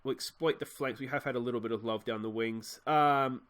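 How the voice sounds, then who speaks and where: This young man's voice is medium-pitched, steady and fairly bright, and he talks briskly. Hosting a let's play with an Australian accent, he commentates a football management game in a rambling, frustrated way full of restarts.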